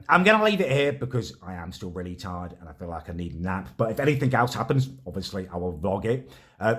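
A man's voice: low-pitched, slightly rough. A young man telling a vlog story about his neighbour in an exasperated, sweary way. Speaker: vlogger.

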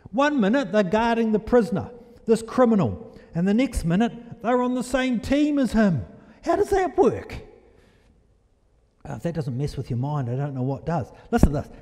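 A preacher in a church delivers an animated, storytelling sermon, turning often to the congregation with questions. His voice sits fairly high but has a mellow, dark tone. Long reverb from the hall trails every phrase.

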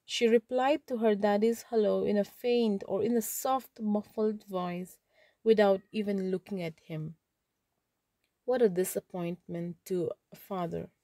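A woman's voice: medium pitch, steady tone, unhurried, dark tone, no room sound. A woman teacher reading a story aloud, then retelling each passage in simpler words.

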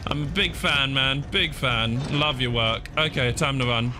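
A man giving let's play commentary on a horror game, panicky, his pitch jumping high when scared, often saying "fudge" in place of swearing. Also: steady tone, unhurried, noisy background. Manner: swaps swear words for "fudge". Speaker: gaming YouTuber.

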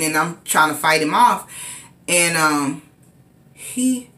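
A woman's voice: fairly low pitch, sharp tone, echoey room. A woman telling a personal story in a casual, rambling way, repeating herself and using many fillers.

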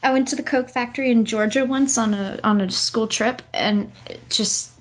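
A woman's voice: a little high, fairly even intonation, normal speed. A woman with a Southern US accent, chatting as an interview guest in an easygoing, giggly, self-deprecating way. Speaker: guest, voice actress. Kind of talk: casual interview chat.

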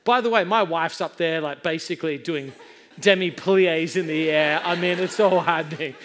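A man in middle age preaching with a slightly raised pitch. He tells his story with animated, self-mocking comic timing, the way a pastor keeps a congregation engaged. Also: normal speed. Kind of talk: storytelling sermon. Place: church service before a laughing congregation.

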